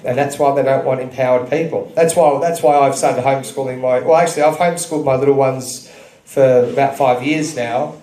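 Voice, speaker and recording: A man's voice: mid-range voice, fairly even intonation, a little fast, dark tone. A man in his thirties giving an earnest, preachy speech to an audience at a club, telling stories. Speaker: speaker at a public gathering. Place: club function room. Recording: echoey hall.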